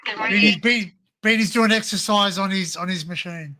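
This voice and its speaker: A man's voice: high voice, moderate pace, sharp tone. An Australian man hosting a casual live chat in an easygoing, chatty way. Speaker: host.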